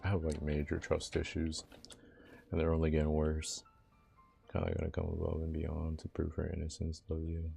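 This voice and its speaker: A man's voice: very deep voice, monotone, normal speed, vocal fry, dark tone, faint music behind. A young man livestreaming, joking and teasing his viewers in laid-back, casual chat, often laughing.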